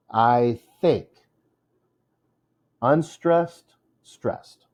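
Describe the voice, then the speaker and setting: A male teacher talks through a lesson at an unhurried pace, in a relaxed, mellow tone. His pitch swings widely as he stresses words, and he fills pauses with ums and uhs. He often stops to correct himself. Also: lo-fi sound. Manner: chatty, self-correcting, many fillers. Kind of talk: informal classroom lesson.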